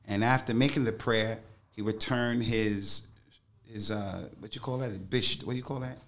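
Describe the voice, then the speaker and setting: A man's voice: lowish voice, fairly even intonation, normal speed. Emphatic middle-aged man telling a story. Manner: emphatic and slangy, repeats phrases for weight. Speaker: guest, Islamic scholar. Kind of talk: interview storytelling.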